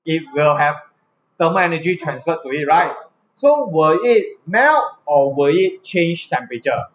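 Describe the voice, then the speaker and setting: A male physics teacher with a Singaporean English accent gives a classroom lesson, often using tag questions to check that his students understand. His fairly high voice swings widely in pitch at normal speed. The slightly dull lo-fi recording has faint ambience and slight background noise.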